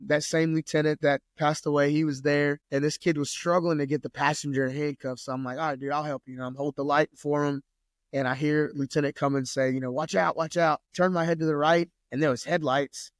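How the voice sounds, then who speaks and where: A man's voice: on the high side, level tone, fairly quick, dry recording, studio quality. Easygoing profane man in his thirties. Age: 30s. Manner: loose, profane, lots of "like". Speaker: podcast guest. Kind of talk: casual storytelling.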